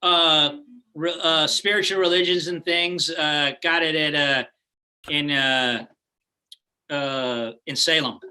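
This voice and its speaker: A middle-aged man from California talks in a loose, rambling way, full of fillers. His voice is very bright and forward. It sounds like an easygoing guest in a casual chat. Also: fairly high pitch, takes it slowly. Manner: relaxed, rambling, many fillers. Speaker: guest actor. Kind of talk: casual video-call interview.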